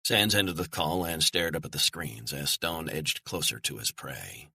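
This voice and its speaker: A man reading a thriller audiobook in measured, storytelling narration. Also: a bass voice, sharp tone, husky.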